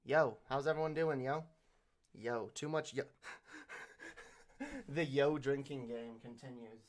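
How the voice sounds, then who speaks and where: A man hosting a relaxed livestream speaks slowly and drawn out, his voice pitched right in the middle. His talk is loose, slangy and profane, full of "yo" and jokes aimed at himself, delivered into a new desk mic fitted with a pop filter.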